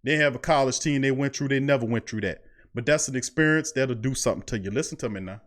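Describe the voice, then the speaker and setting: A man with a medium-pitched, slightly bright voice talks fast into a studio mic while hosting a sports podcast. He preaches his points in fired-up sports talk, repeating phrases for emphasis and leaning hard on Southern US slang.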